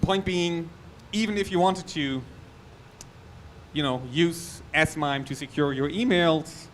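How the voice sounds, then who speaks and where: Conference speaker, German-accented man, slightly high voice, faint hiss behind. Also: slow pace, a bit bright. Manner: loose, chatty delivery with restarts and asides. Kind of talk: technical conference talk. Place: conference hall.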